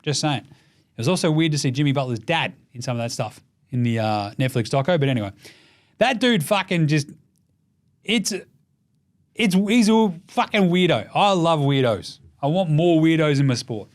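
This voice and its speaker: Australian male host, slightly high voice, blunt and profane, casual sports rant. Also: animated, moderate pace. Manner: gets loud and high when ranting. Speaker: basketball show host.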